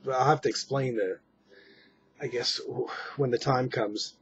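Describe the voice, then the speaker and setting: A man's voice: medium pitch, steady tone, a little slow, slightly rough, lo-fi sound. An exhausted man giving a rambling late-night personal update at home, with many fillers and restarts. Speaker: vlogger.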